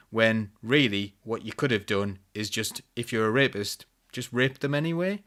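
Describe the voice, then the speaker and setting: A man's voice: on the low side, moderate pace, few pauses, fairly bright tone. A man on a casual online panel, talking conversationally and hesitantly, with many fillers as he recalls something.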